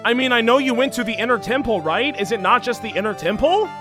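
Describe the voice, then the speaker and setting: A man's voice: extremely high pitch, lively intonation, quick pace, music in the background. Sarcastic, swearing male game streamer. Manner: irreverent, sarcastic, swears often. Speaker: let's play streamer. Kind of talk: casual game commentary with dialogue read aloud.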